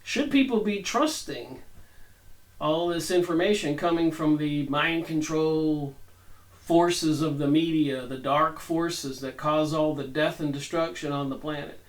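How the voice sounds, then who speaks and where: A man's voice: a little high, a little slow, far from the mic, low-quality recording. A man hosting a book review, reading passages aloud and adding his own conversational, rambling asides. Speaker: channel host reviewing a book.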